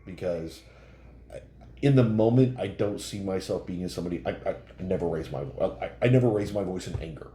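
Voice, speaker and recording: A man co-hosting a casual podcast chat, talking about himself in a halting, reflective way with many restarts. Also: low voice, warm tone. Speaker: podcast co-host. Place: bar room. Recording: roomy echo, faint background noise.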